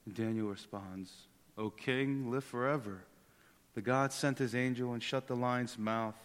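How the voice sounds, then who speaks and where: A man's voice: mid-range voice, steady tone, a little slow. Conversational male pastor in reverberant hall. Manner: conversational, humorous asides, repeats words. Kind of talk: sermon.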